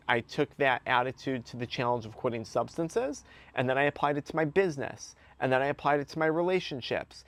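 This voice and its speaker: A man with a mid-range voice speaks as an addiction recovery coach, giving an earnest, emphatic motivational talk to camera and repeating key words for stress. There's no echo.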